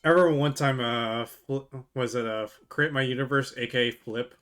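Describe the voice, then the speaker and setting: A man's voice: mid-range voice, normal speed, fairly bright tone, smooth. A man streaming live while drinking, chatting casually to his chat, laughing often, swearing and rambling with many restarts. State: drunk.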